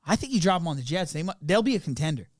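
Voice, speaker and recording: High-voiced animated young man. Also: racing, no room sound, clean studio sound. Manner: animated, storytelling, retells skits with quoted voices. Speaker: podcast co-host. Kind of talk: casual chat.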